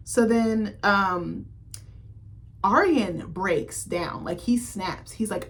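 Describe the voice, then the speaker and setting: In a mid-range voice, a woman slowly works through a film recap as a critic vlogger. Her delivery is casual, chatty and profane, peppered with plenty of "like" and "um."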